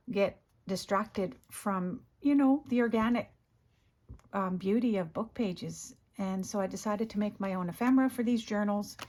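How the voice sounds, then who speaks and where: A woman with a hoarse morning voice, chatting casually as she shows her craft work, often clearing her throat and correcting herself. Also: medium pitch, a little hiss or hum. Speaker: craft video host. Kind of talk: casual crafting show-and-tell.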